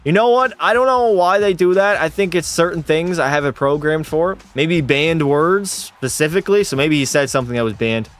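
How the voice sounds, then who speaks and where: Excitable young man calling hockey plays. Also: on the high side, moderate pace, few pauses. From Canada. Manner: excitable, mock sportscaster calls mixed with casual swearing. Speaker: gaming streamer. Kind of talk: live play-by-play commentary and chat banter.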